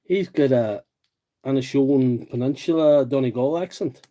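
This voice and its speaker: A man's voice: mid-range voice, normal speed, dark tone. A man with a rural County Derry accent, hosting a repair livestream and chatting in a rambling, self-deprecating way while he works. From Northern Ireland, County Derry. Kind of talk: casual chat while repairing tools.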